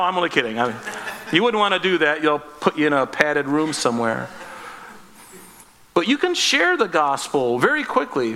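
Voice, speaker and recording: A man with a bright, fairly high voice preaches a relaxed, conversational sermon. He slips into quick acted-out exchanges and jokes at his own expense. The sound carries a long reverb from a church sanctuary. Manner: conversational, acts out short dialogues, self-deprecating humor. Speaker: pastor. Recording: echoey church hall.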